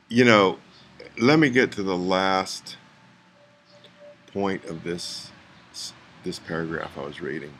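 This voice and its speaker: A man's voice: deep voice, a little hiss or hum. A man in a frustrated, preachy rant to his viewers, firing rhetorical questions and urging them to act. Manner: trails off into mutters, then rises to urgent pleas. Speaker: vlogger.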